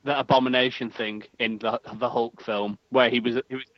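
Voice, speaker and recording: An English man hosting a podcast in casual chat, animated and swearing freely, his voice jumping up when excited. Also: mid-range voice, fairly quick, no echo, dull audio. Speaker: podcast host.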